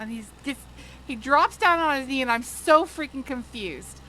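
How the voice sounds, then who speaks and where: A woman's voice: sits high, moderate pace, sharp tone, a little hiss or hum, poor audio. A woman livestreamer chatting casually with viewers while gaming, telling stories and laughing often.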